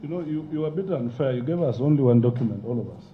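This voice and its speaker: At the hearing, this Kenyan MP pushing the impeachment races through his points in an animated, mid-range voice, cutting in often and pressing his case with emotion. The sound is phone quality with slight background noise.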